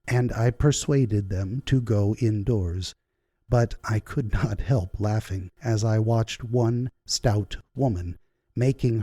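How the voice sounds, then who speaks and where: Slow, husky male audiobook reader. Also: fairly low pitch, dark tone, dry recording. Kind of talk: scripted audiobook narration.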